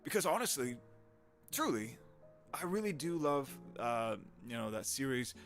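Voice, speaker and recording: Chatty man with a lively voice. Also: mid-range voice, normal speed, faint music behind. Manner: chatty and rambling, greets viewers warmly. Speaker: voice actor livestreaming to viewers. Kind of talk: casual live-stream chat.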